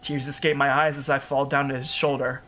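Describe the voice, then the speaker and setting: A man's voice: medium pitch, level tone, a little fast, pushed and bright, faint music behind. A man giving an earnest, emotional first-person story narration as a storyteller.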